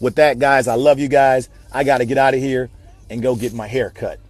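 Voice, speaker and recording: A man's voice: medium pitch, fairly even intonation, a little fast, a little mellow, no room sound. A man giving a passionate, repetitive motivational talk on a live video stream, like a preacher. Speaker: network marketing speaker.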